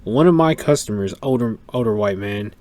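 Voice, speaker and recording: A man hosting a podcast, chatting casually and telling stories in an animated way, swearing freely and acting out what others said. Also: on the low side, normal speed. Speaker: podcast host. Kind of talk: casual chat, storytelling.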